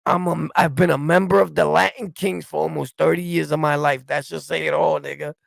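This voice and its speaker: This middle-aged New York City native has a gravelly, high-sitting voice with a level tone, speaking fairly quickly on a dry recording. As a streamer answering and reacting to live chat, he rants heatedly in his New York accent. He is blunt, profane, and confrontational, with a habit of repeating "you get it?"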